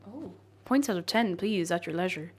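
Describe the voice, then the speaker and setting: A woman with an Irish accent, chatting playfully on a live stream while teaching an Irish word of the day. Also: normal speed. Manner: playful, bursts into high excited greetings to chat. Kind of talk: casual live-stream chat. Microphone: desk microphone.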